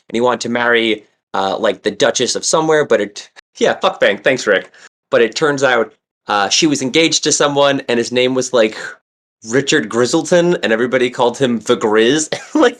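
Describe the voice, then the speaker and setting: A man's voice: mid-range voice, a bit bright. A man co-hosting a casual podcast who rambles through a story with lots of "um" and "like.". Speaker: podcast co-host. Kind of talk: casual chat.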